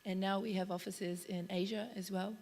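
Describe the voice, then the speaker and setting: A woman speaking on a conference panel about relocation and onboarding, enthusiastic and chatty, her voice slightly squeaky. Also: little pitch movement, normal speed, darkish tone. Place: conference stage.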